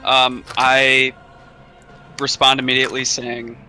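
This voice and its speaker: A man playing in a tabletop game, speaking slowly and hesitantly. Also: mid-range voice, monotone, bright, forceful tone, faint music behind. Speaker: player. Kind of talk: casual chat in a tabletop game.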